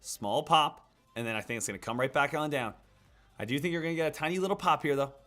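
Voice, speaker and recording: A man's voice: a little high, quick pace, pushed and bright, soft background music. Upbeat man hosting a live trading stream. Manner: upbeat, repetitive hype, addresses viewers as guys and traders. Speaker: day-trading livestream host. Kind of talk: live market commentary and coaching.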